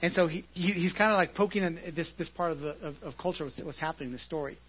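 A pastor preaching a conversational sermon at a church service, explaining scripture casually and often checking in with "right?". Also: male voice, fairly high pitch, fast, breathy edge, lo-fi sound.

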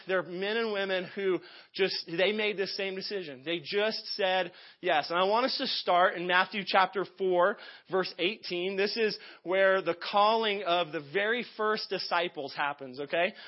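Energetic high-voiced male preacher. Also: highs cut off. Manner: energetic storytelling with excited shouted quotes. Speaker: guest pastor. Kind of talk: sermon. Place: church service.

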